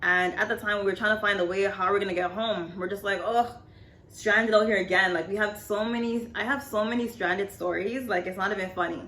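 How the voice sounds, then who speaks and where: A woman's voice: mid-range voice, fairly even intonation, fast, few pauses, fairly bright tone. A woman in her twenties telling a story to camera in a rambling, casual way, full of "like, you know". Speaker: storytime vlogger. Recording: echoey room.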